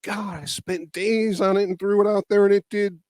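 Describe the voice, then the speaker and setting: A man in his fifties, a guest in a casual interview, telling stories in an animated, self-deprecating way while his voice keeps cracking. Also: sits high, moderate pace, no echo. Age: 50s. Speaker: guest YouTuber.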